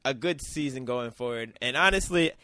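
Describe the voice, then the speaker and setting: A man hosting a podcast, chatting casually about football, animated, teasing and swearing freely. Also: medium pitch, moderate pace, a little hiss or hum. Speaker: podcast host. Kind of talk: casual chat.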